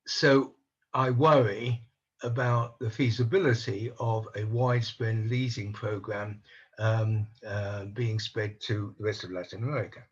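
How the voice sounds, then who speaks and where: An older man speaking on a conference panel over a video call, measured and analytical, voicing doubts in a deliberate way. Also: on the low side, steady tone, husky, highs cut off. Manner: measured, analytical, openly skeptical. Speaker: panel speaker on housing policy. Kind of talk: online conference talk.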